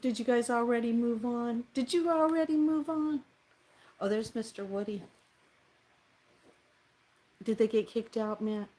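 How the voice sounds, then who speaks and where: A woman casually chatting with her viewers on a live stream from home, playful and teasing and quick to laugh. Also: a little high, warm tone. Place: home room with window open.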